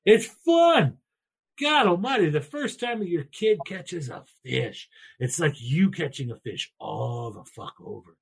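Profane, animated husky-voiced man. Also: a little high, measured pace. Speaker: podcast co-host. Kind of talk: crude casual chat.

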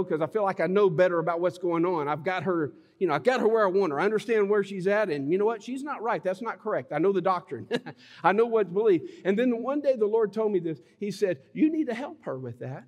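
Middle-aged male pastor, high and lively, jokey sermon delivery, long hall reverb. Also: a little fast. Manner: animated, jokey preaching with laughs and sudden shouts.

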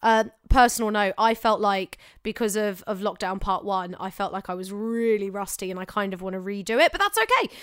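Chatty actress giving career advice. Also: female voice, medium pitch, fairly quick, few pauses, clear, resonant tone, no echo, studio quality. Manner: chatty, animated, self-correcting. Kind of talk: casual advice chat.

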